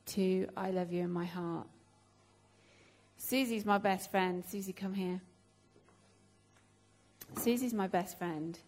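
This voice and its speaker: A woman giving an emotional, halting testimony in a church group, with many pauses and fillers. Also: mid-range voice, warm tone. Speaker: church member sharing a testimony.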